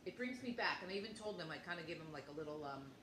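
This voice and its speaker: A woman's voice: on the low side, animated, very fast. A woman in her fifties chatting casually as a co-host, rambling through stories and acting out both sides of each conversation. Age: 50s. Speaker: podcast co-host. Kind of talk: casual chat. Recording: echoey room with faint noise.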